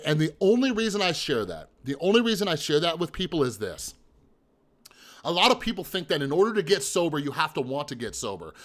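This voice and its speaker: Speaking in a fairly high, fairly bright voice, a thirtysomething man recounts his own experiences on his mental health vlog. He curses freely, talks bluntly, repeats himself for emphasis, and addresses the listener with rhetorical asides.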